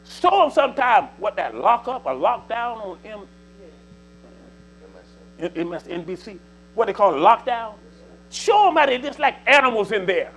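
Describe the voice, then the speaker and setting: A man's voice: sits high, very animated, normal speed, long pauses, a bit bright, slight background noise, low-quality recording. A man, preaching to a church congregation in a folksy, repetitive, exhorting way. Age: 70s. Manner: folksy, repetitive, exhorting with 'see' and 'you know'. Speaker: church speaker.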